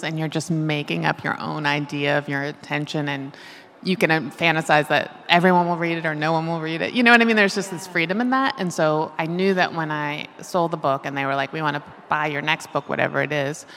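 A middle-aged woman with a low, grounded voice talks things through as an author in an interview. She is reflective and laughs often. Her voice trails into the long reverb of a hall. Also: a bit bright, slight background noise. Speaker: author guest. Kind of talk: conversational interview.

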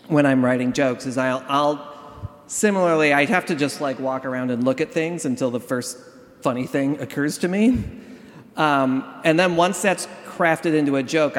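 A man, a comedian guest, explaining his process in a relaxed, rambling way. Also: mid-range voice. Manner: relaxed, explanatory, many fillers. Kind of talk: casual panel conversation. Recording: long hall reverb.

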